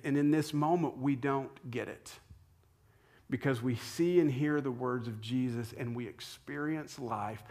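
A man, a pastor, giving a conversational sermon from the pulpit and asking his listeners rhetorical questions. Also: mid-range voice. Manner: informal, asks the congregation rhetorical questions. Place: church, speaking from the pulpit.

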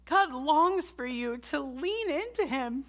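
A woman's voice: high-pitched, expressive, takes it slowly, fairly bright tone. Earnest middle-aged woman preaching. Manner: earnest, conversational, asks the congregation direct questions. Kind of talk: sermon.

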